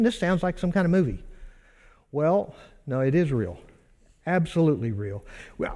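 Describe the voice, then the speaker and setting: A man's voice: a little high, a little mellow, big-room sound. A man preaching a sermon in a conversational way, asking rhetorical questions and answering them himself. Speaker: pastor.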